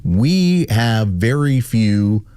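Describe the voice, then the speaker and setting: A man's voice: on the low side, very animated, extremely slow, mellow, smooth, no room sound. A male morning radio host telling stories in casual chat from a studio microphone. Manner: storytelling, rambling with restarts.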